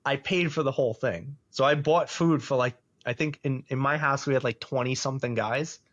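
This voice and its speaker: A man's voice: medium pitch, moderate pace, no room sound, dull audio. A man, animatedly telling a personal story on a podcast and laughing often. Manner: animated, laughs often, acts out quoted voices. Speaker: podcast host. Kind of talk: casual storytelling.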